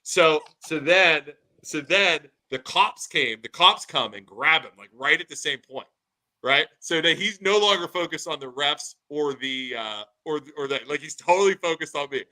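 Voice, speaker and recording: A man's voice: fairly high pitch, normal speed, low-quality recording. A man co-hosting a podcast, telling a story in casual chat and acting out what people said. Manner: animated storytelling, acts out quotes. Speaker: podcast co-host.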